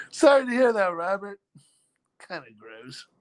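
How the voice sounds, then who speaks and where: A man hosting a casual live chat, reading out viewers' names, joking about himself and laughing often. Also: high-pitched. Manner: laughs often between lines. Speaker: live stream host.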